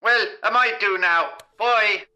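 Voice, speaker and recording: A cheeky, bragging young pop star, as a man puts him on for a comedy sketch. He blurts out crude remarks without thinking. His voice sits high, with a sharp, very bright edge. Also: slow pace, slight background noise, heavily acted. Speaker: phone-in guest.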